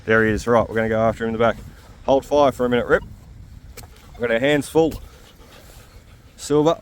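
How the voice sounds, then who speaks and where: A man, giving casual, excitable commentary while metal detecting outdoors on a farm. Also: mid-range voice, moderate pace, pauses often. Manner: excitable, chatty, often exclaiming.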